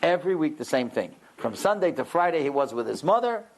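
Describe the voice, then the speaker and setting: A man gives a religious lecture as a storyteller, slipping into the voices of the people in his story. His fairly high voice rises and falls with lively animation. He slows for the points he wants to stress. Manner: dramatic storyteller who acts out characters. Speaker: rabbi lecturer.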